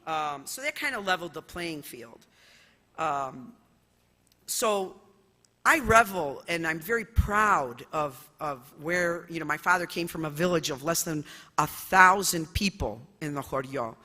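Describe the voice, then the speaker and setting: Speaking unhurriedly in a low pitch, a middle-aged judge from the United States shares personal stories at a conference, expressive, loud, and full of fillers. The big hall gives the recording a strong echo.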